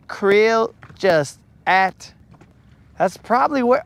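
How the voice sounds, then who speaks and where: A man's voice: extremely high pitch, lively intonation, creaky, fairly bright tone. A young man hosting a live fishing stream, chatting casually in a rambling, joking way from a boat on a lake. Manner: rambling, joking, slow-paced. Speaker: fishing livestream host.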